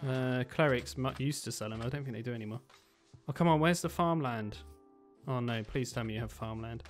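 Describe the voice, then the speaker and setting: A man giving chatty let's-play commentary as he plays, thinking aloud with excitable bursts. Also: medium pitch, a little fast, faint music behind. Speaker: gaming video creator.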